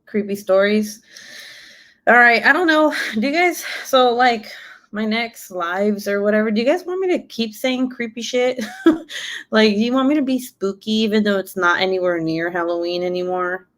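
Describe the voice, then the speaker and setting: A woman's voice: mid-range voice, moderate pace, a bit bright. A woman in her twenties chatting casually on her live stream, cussing freely and laughing often. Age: 20s. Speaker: YouTuber.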